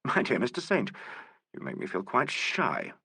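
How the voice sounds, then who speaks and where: Guy doing a smooth polite detective, bit teasing, lively up and down, audiobook. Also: mid-range voice, moderate pace, no echo, heavily acted. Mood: charming. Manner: courteous, urbane, gently ironic. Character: suave, polite male police inspector. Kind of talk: audiobook character voice.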